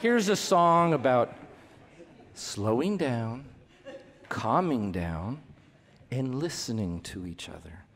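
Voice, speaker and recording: A man's voice: mid-range voice, sing-song, slow pace, pauses often, fairly bright tone, in a large hall. A man hosting a live folk concert, chatting and telling a folksy joke from the stage of an opera house. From United States. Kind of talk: onstage patter and storytelling between songs.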